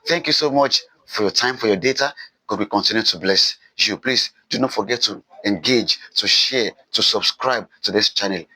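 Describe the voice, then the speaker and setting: A man's voice: fairly low pitch, normal speed, sharp tone, no room sound, low-quality recording. A man teaching a recorded literature lesson, repeating key points with emphasis and answering his own questions. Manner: repetitive, emphatic, asks questions and answers them himself.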